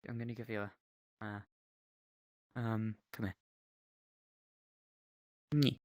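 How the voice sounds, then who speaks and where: A man's voice: on the low side, normal speed, dry recording. A young man rambling through an absurd mock lecture in a VR chat, on a headset mic. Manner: rambling, absurd, deadpan silliness.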